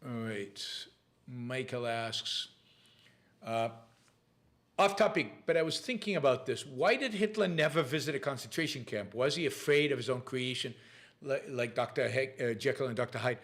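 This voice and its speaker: Halting man with a noticeable accent. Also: mid-range voice, expressive, a bit bright. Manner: halting, frequent restarts and fillers. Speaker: show host answering viewer questions. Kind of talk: casual live Q&A talk.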